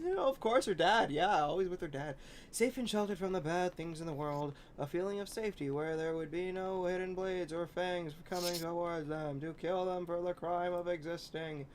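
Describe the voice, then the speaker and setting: A man from Canada reading fan fiction aloud on a podcast, halting and giggly, with frequent restarts. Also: high voice, a little hiss or hum.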